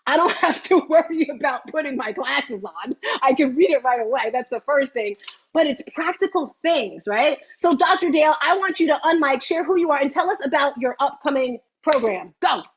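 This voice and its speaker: A woman hosting a motivational livestream, talking in a chatty, animated way with teasing asides. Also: high-pitched, moderate pace, lo-fi sound. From United States. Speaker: host. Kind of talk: lively motivational livestream talk.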